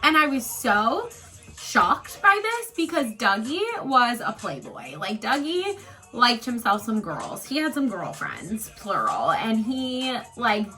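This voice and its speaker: Bright-voiced woman chatting casually. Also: medium pitch, low-quality recording. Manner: chatty, filler-heavy, emotional at times. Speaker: psychic medium. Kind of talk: casual get-ready-with-me storytelling.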